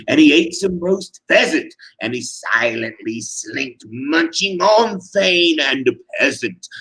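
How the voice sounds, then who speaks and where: A man's voice: fairly high pitch, a bit bright, rough recording. Theatrical man reading a rhyming tale. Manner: theatrical, sing-song rhyming delivery. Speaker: reader.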